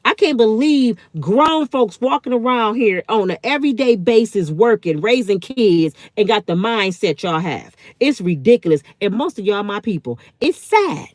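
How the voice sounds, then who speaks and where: A woman's voice: mid-range voice, lively intonation, moderate pace, hardly any pauses, a little mellow, no echo, clean studio sound. A woman in her fifties hosting a live stream, answering her chat in a heated, blunt way and swearing freely. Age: 50s. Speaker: channel host.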